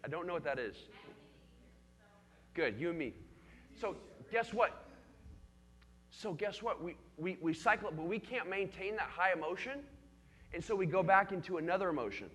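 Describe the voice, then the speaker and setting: A man's voice: a little high, lively intonation, brisk, long pauses, fairly bright tone, long reverb tail. A man leading a church youth group, teaching in an engaging way and calling on the young people by name with questions.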